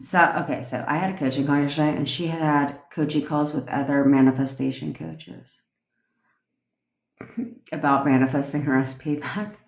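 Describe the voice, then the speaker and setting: A woman coaching on a livestream in a casual rant, blunt and profane, with quick laughing asides. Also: deep voice, steady tone, vocal fry, a little mellow. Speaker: manifestation coach. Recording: echoey room.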